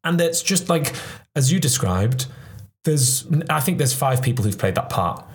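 A man's voice: mid-range voice, lively intonation, moderate pace. A man, a podcast host talking loosely with many fillers in a casual interview. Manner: loose, filler-heavy storytelling.

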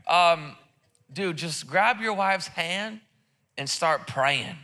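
A man's voice: on the high side, lively intonation, drawn-out words, sharp tone. A man preaching a sermon in church, casual and joking, with lots of repeated words and restarts. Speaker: pastor. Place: church service.

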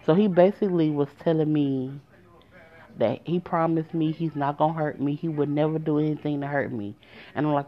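A woman's voice: low voice, normal speed. A young adult woman telling a personal story to her viewers in a casual, emphatic way, cursing and addressing them directly. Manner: emphatic, profane, talks straight to viewers. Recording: dull lo-fi audio.

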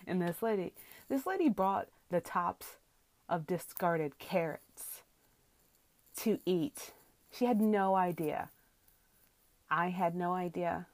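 A woman cashier venting about her customers in a loose, exasperated monologue, swearing as she goes. Her voice sits fairly low. The sound is dry and close, with almost no room in it. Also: takes it slowly, pauses often, no room sound. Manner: exasperated, incredulous, swears freely. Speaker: grocery store cashier. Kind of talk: casual ranting monologue. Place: inside a closet.

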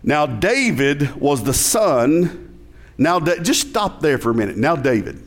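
A man's voice: fairly high pitch, big pitch swings, a little slow. A male pastor with a Southern US accent preaching a sermon in a conversational style, asking the congregation questions.

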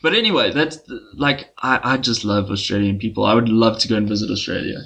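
A man's voice: lowish voice, brisk, vocal fry, fairly bright tone, husky. A man co-hosting a casual podcast, talking in an easygoing, rambling way with frequent restarts. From South Africa. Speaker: podcast co-host.

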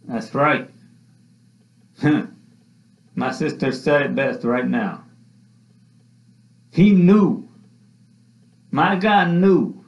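A man preaching with slow, deliberate emphasis and a fairly high voice, repeating his phrases with rising passion. The sound is dull and lo-fi, with the echo of a roomy church hall. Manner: impassioned, repeats phrases, rises and falls. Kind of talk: sermon. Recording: echoey room, dull lo-fi sound.

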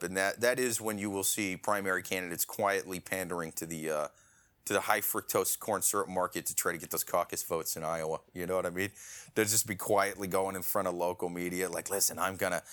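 Profane ranting man in casual chat. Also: brisk. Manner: profane, ranting, animated swings in pitch.

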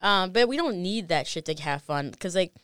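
A woman's voice: fairly low pitch, expressive, normal speed, a bit bright, smooth, no echo, studio quality. A young woman co-hosting a podcast, chatting frankly and swearing freely, with many "like"s. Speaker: podcast co-host. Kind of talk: casual chat.

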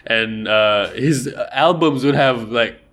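A young man, co-hosting a casual podcast chat about rap, rambling and relaxed with lots of fillers. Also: medium pitch, slow. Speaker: podcast co-host.

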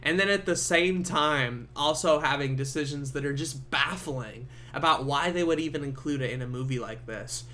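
A man's voice: a little high, moderate pace, few pauses. A young man hosting a podcast, giving a casual movie review full of swearing and laughter. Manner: swearing, laughing, animated storytelling. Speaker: podcast host.

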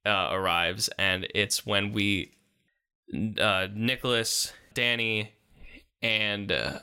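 A man's voice: fairly low pitch, takes it slowly, pushed and bright, clear, resonant tone. A man in casual, rambling conversation about a movie, laughing often and talking animatedly.

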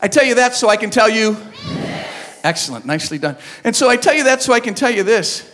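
High, bright-voiced male preacher. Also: fast talker. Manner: animated comic storytelling with call-and-response. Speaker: youth event speaker. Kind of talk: humorous sermon to a live audience.

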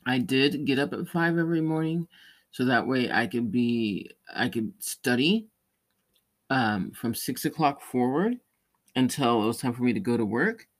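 A man's voice: mid-range voice, animated, moderate pace. A man hosting a podcast, telling a rambling story in casual chat, with many restarts and light laughs. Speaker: podcast host; parent or caregiver.

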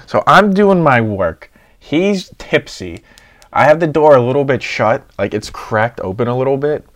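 A young man casually telling a party story, excitable and swearing often, acting out his friends' lines. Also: mid-range voice, moderate pace.

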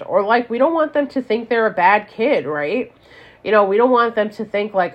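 A woman's voice: mid-range voice, expressive, moderate pace, highs cut off. A woman hosting a casual solo podcast, talking candidly and rambling with lots of "like" and "you know". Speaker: podcast host and parent.

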